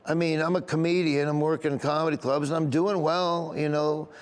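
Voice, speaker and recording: A man's voice: a little high, fairly even intonation, fairly quick, clean tone. A comedian being interviewed, telling a story earnestly. He rambles and restarts often, and he openly gets emotional. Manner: rambling delivery with frequent restarts.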